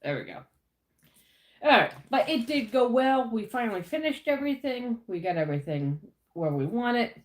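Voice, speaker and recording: Chatting casually on her livestream, a US host says hello to viewers by name and recounts her week. She speaks at a moderate pace in a fairly high, sing-song voice, in a room that echoes.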